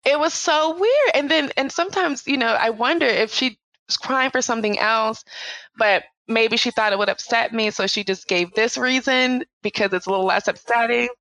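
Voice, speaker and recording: A woman in her thirties, a mother of three, chats as a podcast guest in a casual interview, telling stories and acting out her family's voices with laughs. Her voice is on the high side and fairly bright at normal speed, in a rough recording with no room sound.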